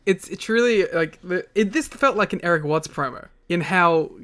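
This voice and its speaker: A man co-hosting a podcast in casual chat, reacting in an animated way with frequent laughter. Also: high-pitched, normal speed. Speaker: podcast co-host.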